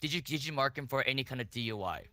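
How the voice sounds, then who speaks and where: A man playing a defense lawyer in a role-play court, with a bright, forward voice. He cross-examines in halting phrases, restarting and repeating his questions, and the sound is close and dry. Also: mid-range voice, no room sound.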